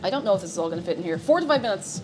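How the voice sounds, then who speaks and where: A woman's voice: medium pitch, sing-song, very fast. A young woman chatting playfully with her viewers as she cooks in her kitchen on a live stream. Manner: chatty, playful, repeats words for fun. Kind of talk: casual chat while cooking on a live stream. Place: home kitchen. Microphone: desk microphone. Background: background music and frying sizzle.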